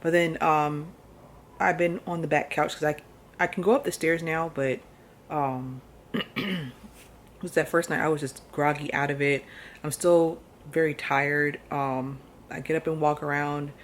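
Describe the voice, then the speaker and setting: A woman talking softly and hesitantly in a casual personal vlog, with many fillers and pauses. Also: sits low, steady tone, a little hiss or hum. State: nervous, close to tears before surgery. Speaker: vlogger.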